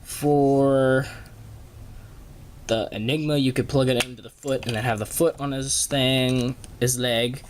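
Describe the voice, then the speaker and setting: A man walking through a toy transformation in a casual review, talking haltingly with many fillers and self-corrections, recorded on a camera on a small tripod. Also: medium pitch, steady tone, a little hiss or hum.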